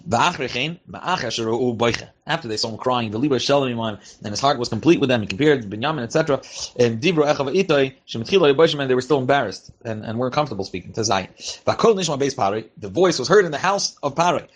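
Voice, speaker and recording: A man's voice: mid-range voice, animated, fast. A man teaching a Torah class, reading Hebrew verses and translating them phrase by phrase in loose spoken style. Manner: reads Hebrew phrases then translates, Yiddish-inflected yeshivish terms; loose spoken delivery with fillers and restarts. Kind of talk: verse-by-verse Chumash and Rashi class.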